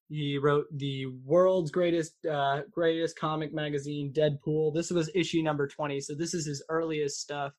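A man hosting a podcast in casual chat, rambling with halting restarts. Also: a little high. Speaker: podcast host.

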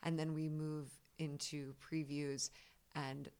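Woman stage director, very low voice, thoughtful, dry wit, relaxed conversation. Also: slow pace. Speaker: theatre director. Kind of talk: casual conversation about rehearsals.

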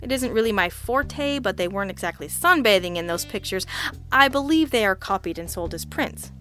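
A woman reading the lines of a wry, deadpan male detective partner in an audiobook, with dry, offhand quips. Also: mid-range voice, fairly quick, faint music behind.

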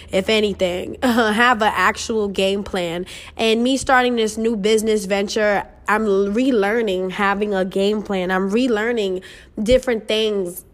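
Earnest, emotional young woman podcaster. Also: mid-range voice. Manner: earnest and emotional, swears freely, calls listeners "you guys". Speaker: podcast host. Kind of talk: motivational casual podcast monologue.

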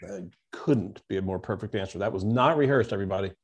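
A man's voice: lowish voice, fast. Reflective man telling stories. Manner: reflective, story-telling, mantra-quoting. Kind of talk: conversational interview.

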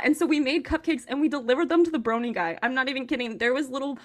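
A woman in her thirties telling a story on a casual podcast, animated and chatty, with plenty of "like" and laughter. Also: high-pitched, fast talker, few pauses.

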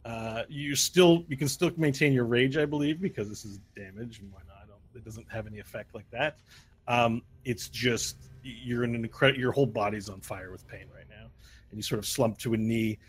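A man's voice: mid-range voice, fairly quick, breathy edge. A man running a tabletop role-playing game as dungeon master, narrating scenes with vivid sound effects and frequent restarts.

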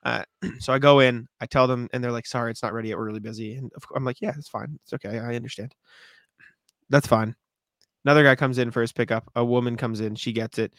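A young man co-hosting a podcast, chatting casually and telling animated, profane stories. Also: medium pitch, fast, smooth, no room sound, clean studio sound. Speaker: podcast co-host. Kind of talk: casual chat.

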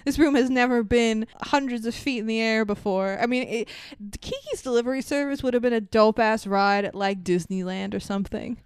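A young adult woman casually recapping a movie, animated and swearing, acting out scenes with sound effects. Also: fairly high pitch, a little fast, clear, resonant tone, dry recording, clean studio sound. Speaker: podcast co-host.

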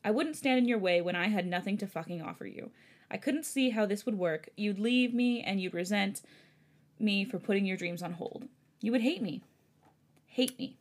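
A woman reading the lines of a remorseful young man who begs forgiveness in a fan story, quiet and subdued. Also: mid-range voice, normal speed, lightly acted.

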